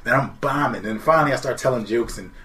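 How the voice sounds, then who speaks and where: A man's voice: medium pitch, fast. Young man telling stand-up stories. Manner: laughing, animated retelling with quoted voices. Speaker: comedian guest. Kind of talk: casual storytelling. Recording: distant mic, loud group chatter.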